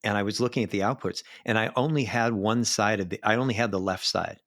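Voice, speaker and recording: A middle-aged man, a live sound engineer, telling animated backstage stories in a casual interview. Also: lowish voice, fast, no echo, studio quality. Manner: animated anecdotes, acts out quoted voices.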